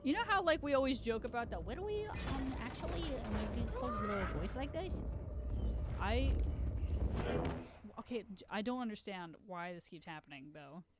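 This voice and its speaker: A young adult streamer chatting casually and excitably while playing a horror game, swearing and yelping at scares. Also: medium pitch, moderate pace, very noisy. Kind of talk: casual live gameplay chat. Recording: loud game sounds under the voice.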